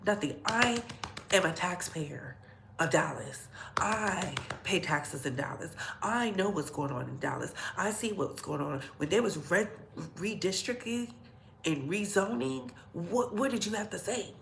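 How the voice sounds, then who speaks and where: A woman's voice: fairly low pitch, lively intonation, a little slow, creaky, noisy background. A woman vlogger ranting bluntly and profanely in heated commentary, in an echoey room.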